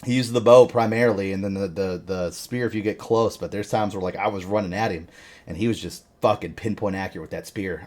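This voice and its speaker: A man's voice: lowish voice, slightly rough. A man hosting a podcast, telling long rambling gaming stories in casual chat and swearing constantly. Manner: rambling storytelling with heavy swearing. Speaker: podcast host. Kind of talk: casual chat about a video game.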